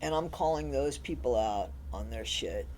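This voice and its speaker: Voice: medium pitch, animated, normal speed, a little mellow, low-quality recording. Emphatic commentary vlog host. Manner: emphatic, repeats points, frequent restarts. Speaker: channel host. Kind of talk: casual commentary to viewers.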